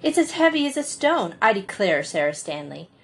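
A woman's voice: mid-range voice, big pitch swings, breathy edge. A woman reading an audiobook, voicing a bossy, practical young girl who scolds and bustles. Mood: scolding. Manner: scolding, brisk.

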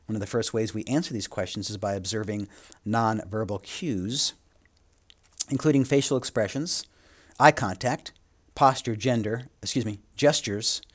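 A man teaching a course, reading from a textbook and adding quick asides, sometimes correcting himself as he reads. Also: fairly low pitch. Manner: reads aloud with asides and small self-corrections. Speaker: instructor. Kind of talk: reading a textbook aloud with comments.

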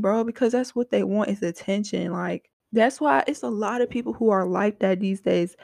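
A young woman hosts her own podcast and vents about a personal story, swearing freely and talking frankly. Her voice sits at an ordinary middle pitch and is recorded close up in a dry, deadened room. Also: normal speed, vocal fry, few pauses, darkish tone, no echo. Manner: heavy profanity, frank and heated venting. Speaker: podcast host. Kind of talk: casual storytelling monologue.

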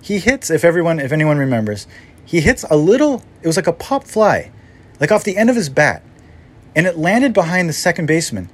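A man's voice: fairly high pitch, a little fast, slightly rough. A middle-aged man hosting a podcast and telling a personal story in a casual, rambling way that jumps from one thought to the next. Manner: rambling, self-interrupting, animated. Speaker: podcast host.

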